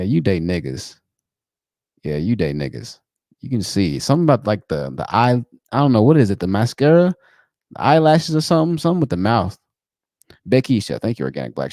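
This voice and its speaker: A man hosting a livestream call-in show, telling stories in a chatty, animated way and laughing at his own jokes. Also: mid-range voice, no echo, clean studio sound. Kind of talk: livestream commentary and storytelling.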